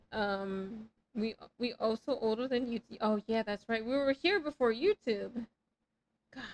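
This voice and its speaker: A woman's voice: on the high side, low-quality recording. A woman in her thirties chatting casually with her live chat while playing a game, rambling and swearing freely in self-mocking banter. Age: 30s. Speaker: streamer.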